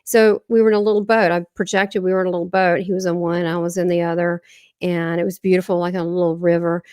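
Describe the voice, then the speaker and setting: A woman's voice: lowish voice, flat delivery, fast talker, darkish tone, clean tone, dry recording, studio quality. A woman with a Southern American accent, a guest medium earnestly recounting a near-death experience in a rambling way, often restarting her sentences.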